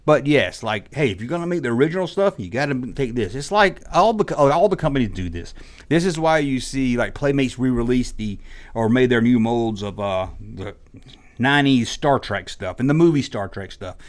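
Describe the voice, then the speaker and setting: A toy collector YouTuber, a man with a medium-pitched voice, rants at normal speed in a rambling, exasperated monologue about the toy business. His intonation is lively and he slips into mock quotes. It's audio only, recorded indoors.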